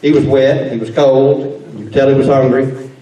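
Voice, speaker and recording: A man's voice: medium pitch, fairly even intonation, normal speed, warm tone, highs cut off. A man, a sheriff giving a folksy awards dinner speech, drawling and restarting words as he tells stories. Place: banquet hall. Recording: echoey hall recorded from far off.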